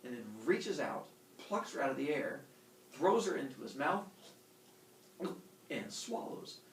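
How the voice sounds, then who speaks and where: Gravelly, lively male teacher storytelling. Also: medium pitch, unhurried, a little hiss or hum. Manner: casual, animated, filler-heavy with sound effects. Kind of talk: storytelling lesson. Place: classroom. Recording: roomy classroom from far off.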